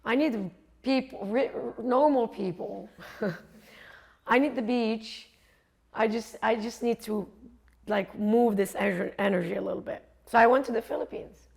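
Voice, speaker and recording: A middle-aged woman from Africa, a coach and speaker, telling a lively travel story and acting out the voices of people she met. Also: a little high, measured pace, gravelly. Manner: animated storyteller, acts out quoted voices, laughs often. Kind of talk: storytelling talk.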